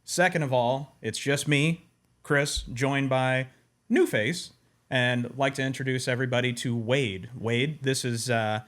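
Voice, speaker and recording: A man in the host's chair speaks in a mid-range voice. He is upbeat and bantering, and his pitch jumps up when he gets excited. The talk has a loose, in-person studio feel. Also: measured pace. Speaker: podcast host. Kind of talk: casual podcast chat.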